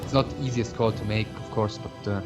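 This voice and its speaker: A man with a fairly low voice breaks down a strategy game match, thinking aloud and often pausing with fillers. Clear background music plays under him the whole time. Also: steady tone. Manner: analytical, hesitant with fillers. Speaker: esports co-commentator. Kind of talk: casual game commentary.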